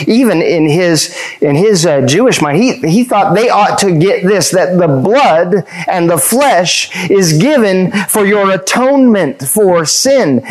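A pastor with a fairly high voice hammers his sermon points home with rhetorical questions and repeated phrases, his pitch rising as he presses them. The recording is rough.

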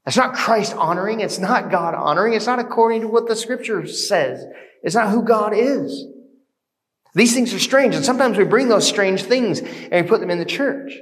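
A man preaching a sermon as pastor, shifting between quiet reflection and loud, passionate urging. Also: sits high, lively intonation, moderate pace. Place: church sanctuary. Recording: long reverb of a church hall.

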